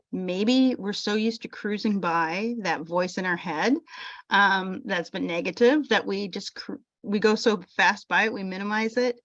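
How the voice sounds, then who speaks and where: A woman with a lowish voice gives a gentle, unhurried teaching talk as a chaplain, often pausing to restart her phrases. The sound is dull and lo-fi, with a dry, close feel. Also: no echo. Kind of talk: teaching talk on self-compassion.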